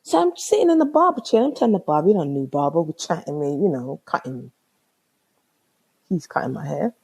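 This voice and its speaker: A young woman with a London accent talks straight into her podcast in a low, slightly husky voice. Her pitch leaps up and drops away as she tells the story. She uses slang and exclaims, and she acts out each person in the conversation. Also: brisk. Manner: animated, slangy, exclaiming and acting out both sides of a chat. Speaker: podcast host. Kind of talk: casual storytelling monologue.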